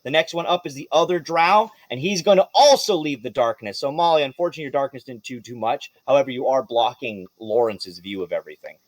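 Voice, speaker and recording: A man narrating as game master of a tabletop role-playing game, lively and quick to laugh. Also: mid-range voice, no echo. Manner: lively, laughs often, jumps into quick character shouts.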